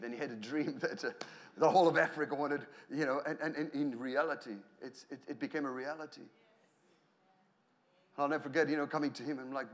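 A middle-aged man with an Australian accent, preaching a sermon in an animated storytelling way, laughing and shouting hallelujahs. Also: on the high side, normal speed, long pauses. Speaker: pastor.

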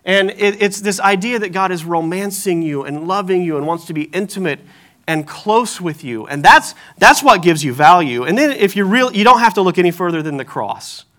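A male pastor delivers a sermon in a notably high voice. His tone is bright and forceful, and he tells stories with lively, self-mocking humor. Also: moderate pace. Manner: animated storytelling with self-deprecating humor.

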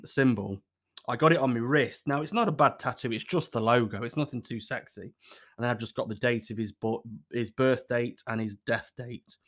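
A man, hosting a casual solo podcast from home, cheeky and sweary, laughing at his own jokes. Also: medium pitch. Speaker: podcast host.

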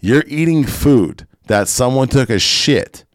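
A man's voice: mid-range voice, animated, takes it slowly, dry recording, studio quality. A man hosting a podcast, ranting casually and emphatically with plenty of profanity. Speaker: podcast host. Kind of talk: casual opinionated podcast rant.

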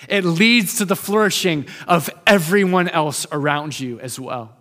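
A male preacher telling a story in a sermon, speeding up and slowing down for emphasis. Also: fairly high pitch. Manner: lively storytelling, shifts from fast to slow, emphatic. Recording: long hall reverb.

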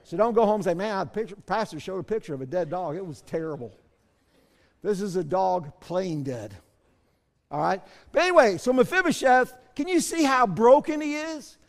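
High-voiced preaching man in a reverberant hall. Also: expressive, normal speed, gravelly. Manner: preaching, swings from soft asides to shouts. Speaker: pastor. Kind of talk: sermon.

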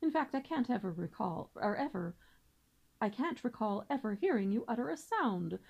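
A woman's voice: fairly high pitch, big pitch swings, normal speed, gravelly, darkish tone, slightly rough, dull audio, heavily acted. A woman reading aloud and voicing a pompous, long-winded male father swan who lectures formally. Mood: insistent.

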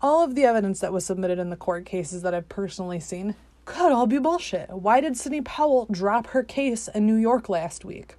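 A woman's voice: mid-range voice, lively intonation, normal speed, darkish tone, no room sound. Profane, skeptical woman ranting solo. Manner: profane, skeptical, exasperated outbursts. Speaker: podcast host. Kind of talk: ranting political monologue.

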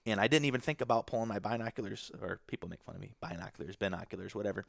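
A young man tells a hunting story in a loose, rambling way, circling back with fillers and restarts. His voice sits a little low, and the sound is dry and close, as if recorded on a podcast mic in a small quiet room. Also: rapid-fire, creaky, no room sound. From Michigan. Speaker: guest telling a hunting story. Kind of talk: casual storytelling.

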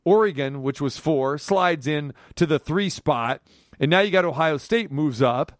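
A man hosting a sports talk radio show, telling a story in an animated monologue, his voice climbing sharply when he gets riled up. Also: fairly high pitch, unhurried, no room sound, studio quality.

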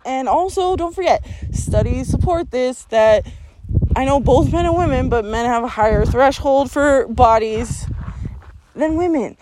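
High-pitched woman lecturing viewers, swears a ton, keeps laughing, hiss in the background. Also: measured pace. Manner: swears constantly, laughs often mid-sentence; blunt, confrontational, lectures the listener. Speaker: vlogger. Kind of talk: blunt profane rant to camera. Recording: noticeable background noise.

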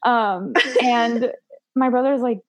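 A young woman in casual chat, telling a story in a giggly, animated way. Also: on the high side, takes it slowly, no echo, highs cut off.

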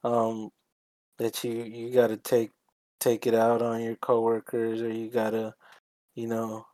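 A man's voice: medium pitch, completely flat delivery, measured pace, dark tone. A young man co-hosting a podcast, laid-back and agreeable, swearing casually as he talks. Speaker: podcast co-host. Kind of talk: casual chat.

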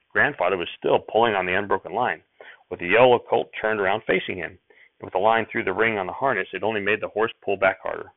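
A man narrating a first-person audiobook chapter in steady storytelling, recorded with tinny phone-like sound. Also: lowish voice, fast, vocal fry, no echo.

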